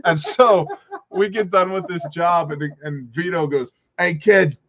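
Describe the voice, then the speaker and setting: A man hosting a livestream, telling an animated story and laughing often as he acts out the other people's voices. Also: sits high, a little slow, a crowd in the background. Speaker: prepper channel host. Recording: dull lo-fi livestream audio.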